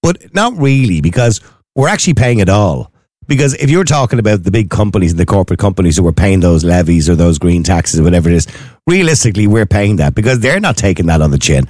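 Low-voiced Irish man asking questions. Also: big pitch swings, fast, darkish tone, no echo, studio quality. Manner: conversational, probing questions. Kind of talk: casual chat.

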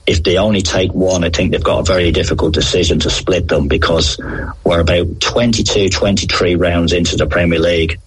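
A middle-aged man, a former referee telling animated anecdotes in an interview. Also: low-pitched, fairly quick, husky, rough recording. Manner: animated anecdotes, acts out quoted players. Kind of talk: conversational interview storytelling.

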